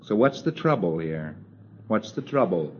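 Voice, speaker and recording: Low-voiced man lecturing on old tape. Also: very animated, a little slow. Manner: conversational, wry, acts out dialogue with chuckles. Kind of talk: recorded lecture to students. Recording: dull lo-fi old tape with faint hiss.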